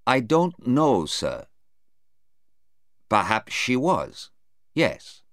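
In a read-aloud storybook scene, a man takes on a full character voice for a male airport policeman testifying in court, sounding hesitant and deferential. He speaks extremely slowly at a medium pitch raised above his own, with huge swings and a slightly bright tone, in a dry, clean studio recording.

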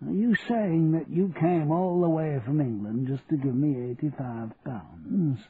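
Brief: male reader doing a wary old Yorkshire man, gruff and slow, tinny lo-fi recording. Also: fairly high pitch, voice pushed up. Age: older. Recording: tinny lo-fi radio recording, faint hiss.

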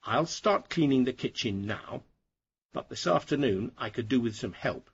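A man reading the lines of a firm, nagging housewife in a story, with a husky voice. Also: mid-range voice, animated, moderate pace, dull audio, exaggerated voice. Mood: bossy. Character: bossy, practical housewife.

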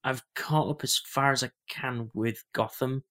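A man's voice: medium pitch, fairly even intonation, unhurried, fairly bright tone. A young man co-hosting a podcast in casual chat, rambling with lots of fillers and restarts. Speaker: podcast co-host.

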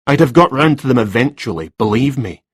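A man's voice: mid-range voice, lively intonation, brisk, husky, no echo, clean studio sound. A man reading a story, voicing a flustered, distracted male writer who talks hesitantly.

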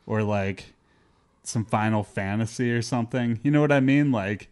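A man hosting a casual chat, animated and filler-heavy, laughing often. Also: on the low side, normal speed, smooth.

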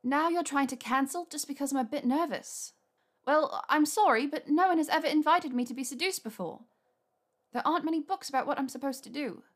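A woman's voice: high-pitched, pitched above the performer's own voice, natural voice. Woman voicing a flustered, earnest young witch. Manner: rushed, nervous and earnest.

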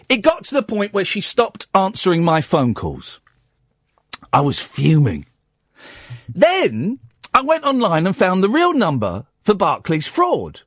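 A man's voice: sits high, fairly bright tone, husky, no room sound, clean studio sound. A man hosting a radio talk show, telling a story and acting out the voices on both sides of his phone calls. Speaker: radio host.

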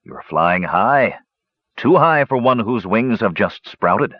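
A man voicing a steady, wise male dwarf who speaks softly and low. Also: takes it slowly, slightly rough, no room sound, muffled recording, heavily acted. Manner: soft, low, calm.

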